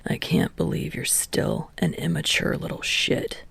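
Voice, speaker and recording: A woman's voice: measured pace, fairly bright tone, lightly acted. A woman voicing a smug, laid-back young male barista who speaks dry and unbothered, half-whispered.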